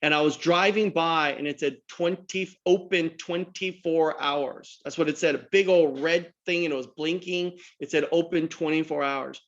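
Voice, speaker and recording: A man telling a business story on a podcast, acting out the dialogue with lively energy. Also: on the high side, normal speed, few pauses, muffled recording. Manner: animated anecdotal storyteller, acts out dialogue. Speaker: guest entrepreneur.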